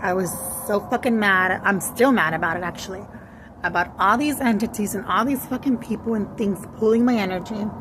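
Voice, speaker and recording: Woman, blunt and profane, casual monologue, mid-range voice, noisy recording. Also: medium pitch. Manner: profane, blunt, switches into Spanish. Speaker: vlogger.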